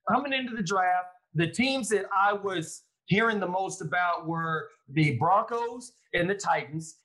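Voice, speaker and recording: A man, a former pro football player, telling his story in a casual interview, animated and quoting his own thoughts. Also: sits high, low-quality recording. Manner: animated, lively retelling with quoted inner thoughts.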